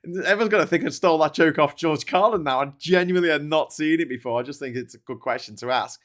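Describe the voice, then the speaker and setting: A man's voice: a little high, fast talker, hardly any pauses, fairly bright tone. A man hosting a livestream, chatting casually about politics and reading viewer comments, swearing often and restarting his sentences. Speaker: livestream host reading chat. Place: at home with a dog.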